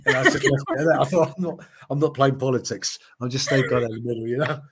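A former TV gladiator in his late sixties swaps anecdotes in a relaxed interview, mimicking the voices of the people he quotes and dropping "you know" often. His voice sits in the middle range and he talks fast, with a little background noise in the recording.

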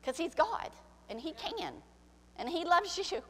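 High-voiced woman pastor preaching in a hall. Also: big pitch swings, measured pace, slight background noise. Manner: preaching with swings from soft to shouted, acting out quoted voices. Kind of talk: sermon. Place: church sanctuary. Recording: church hall with long reverb.

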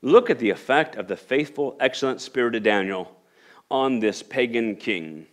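A man's voice: mid-range voice, animated, moderate pace. A male pastor preaching a sermon, reading scripture aloud and building to emphatic rhetorical questions. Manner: repeats and restarts phrases while reading scripture aloud.

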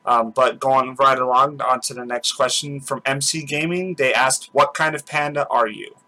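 A man with a bright, forward voice chats casually at home as host of his own channel. He rambles, circling back with fillers and restarts. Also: medium pitch, normal speed, low-quality recording. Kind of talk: casual chat.

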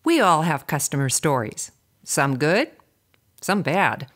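A woman hosting and narrating a training podcast, reading scripted introductions in a measured, clear way. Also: sits low, very animated. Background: guitar and fiddle music.

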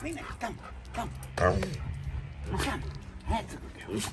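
An older man, a grandfather, chatting affectionately and gruffly teasing his dogs. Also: high voice, wildly swooping pitch, measured pace. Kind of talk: casual chat with dogs. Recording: loud background noise.

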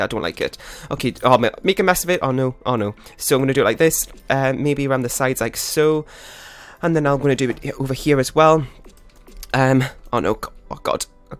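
A man hosting his own gaming channel, giving flustered, rambling, self-critical live commentary while he plays. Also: mid-range voice. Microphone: desktop USB microphone.

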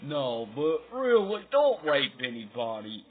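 Young male host, silly rambling comic chat with a lively pitch. Tinny phone-like recording. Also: moderate pace, breathy edge. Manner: silly, giggly, off-the-cuff.

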